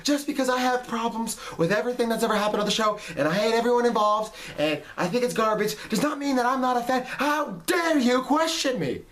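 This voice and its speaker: A man mimicking a whiny, indignant male hater fan in a shrill, outraged mocking whine. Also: brisk, few pauses, fairly bright tone.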